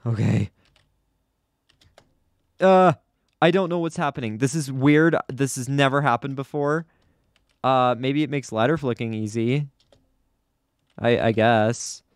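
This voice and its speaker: A man's voice: mid-range voice, slow pace, pauses often, no room sound, clean studio sound. A young man giving casual, chatty commentary over his own gameplay, often flustered and poking fun at himself. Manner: chatty, self-deprecating, easily flustered. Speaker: gaming YouTuber.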